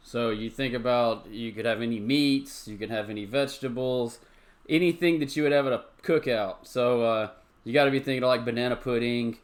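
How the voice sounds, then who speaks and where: A man's voice: medium pitch, normal speed. A man hosting a live-stream chat show, talking chattily and ranting, with lots of repeated phrases. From Tennessee. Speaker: show host.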